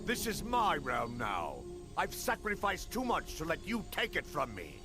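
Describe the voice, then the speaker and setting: An actor playing an arrogant undead sorcerer who talks boastfully and menacingly in a video game. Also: male voice, a little high, wildly swooping pitch, unhurried, over music. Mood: defiant.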